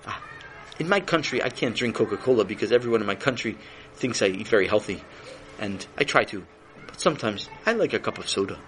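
A man's voice: on the low side, lively intonation, fairly bright tone, a little hiss or hum, poor audio. A man voicing a friendly, gracious foreign king who speaks in a formal, polite way. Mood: chatty. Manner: formal, courteous, with many pauses and restarts.

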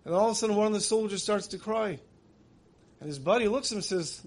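A man's voice: high voice, fast talker. A man giving a sermon, telling stories in an earnest way that builds emotion. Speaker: religious teacher.

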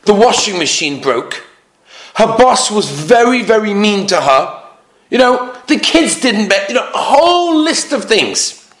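A rabbi lectures in a high, very lively voice that swoops up and down as he tells stories and repeats his key points for emphasis. His voice rings around a roomy space. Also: a little slow. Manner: animated, emphatic repetition, acts out quotes. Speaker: rabbi giving a talk on marriage. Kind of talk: lecture with anecdotes. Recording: roomy echo.

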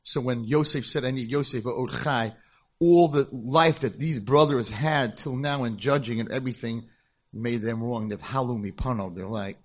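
A man's voice: mid-range voice, moderate pace. A middle-aged man, a rabbi, telling stories in a conference talk and acting out the people in them. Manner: animated storyteller, acts out voices. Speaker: rabbi and school founder.

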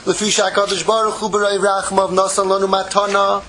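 Lively high-voiced man teaching Torah. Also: brisk, a little hiss or hum, low-quality recording. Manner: animated, acts out dialogues, mixes Hebrew phrases. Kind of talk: Torah class.

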